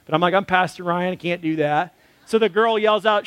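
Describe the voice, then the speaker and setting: A man's voice: high voice, fairly quick, a bit bright, clear, resonant tone, no room sound. A man, a pastor, preaching a sermon built around a personal story, earnest and conversational.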